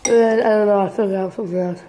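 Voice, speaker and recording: A woman's voice: mid-range voice, fairly even intonation, racing, warm tone, a little hiss or hum. A teenage girl rambling through her morning routine in a casual vlog, chatty and full of fillers. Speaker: vlogger. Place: bathroom at home. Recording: roomy echo, voice from a distance.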